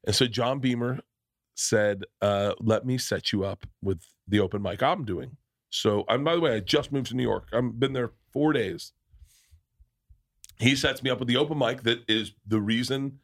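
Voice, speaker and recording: A man's voice: mid-range voice, a bit bright. Rambling man telling stories as podcast host. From American South. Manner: rambling, restarts often, swears freely. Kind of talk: casual storytelling chat.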